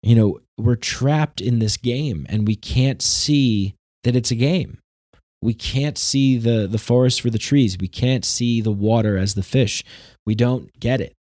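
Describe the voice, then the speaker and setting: A man's voice: medium pitch, a little slow, darkish tone, no room sound, studio quality. A man hosting a podcast, talking alone in a long sarcastic, ranting monologue that is full of swearing. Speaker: podcast host. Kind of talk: solo monologue.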